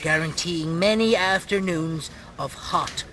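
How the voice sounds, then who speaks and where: An actor voicing a foul-mouthed, grumpy Irish puppet farmer who tells a tale with scorn and insults, in an Irish accent. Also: male voice, on the high side, takes it slowly, background noise. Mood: storytelling. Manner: scornful, barking insults, relishing a spooky tale. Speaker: puppet co-host.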